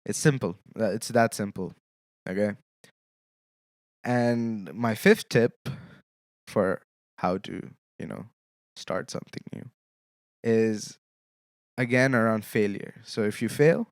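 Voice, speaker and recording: A man's voice: mid-range voice, slow, long pauses, dry recording, studio quality. A young man hosting his own solo podcast, talking casually with lame jokes and checking in with his listeners as he goes. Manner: casual, joking, often checks in with "okay?". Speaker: podcast host.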